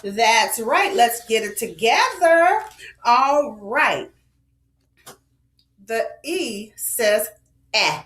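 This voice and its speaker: A woman teaching young children phonics, sounding out vowels slowly and with exaggeration, sing-song and encouraging. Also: a little high, very animated, a bit bright, reverberant.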